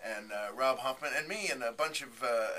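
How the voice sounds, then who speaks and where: A comedian telling an animated anecdote as a guest on a radio show, acting out the people he quotes. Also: mid-range voice, normal speed, slight background noise. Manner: animated, acts out quotes with voices.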